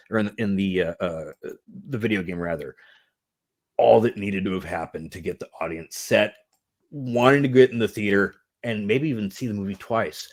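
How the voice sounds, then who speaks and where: A man in his forties co-hosts a casual film review podcast. His pitch rises and falls in lively swings as he talks, and he laughs and swears freely. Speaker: podcast co-host. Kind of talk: casual movie review chat.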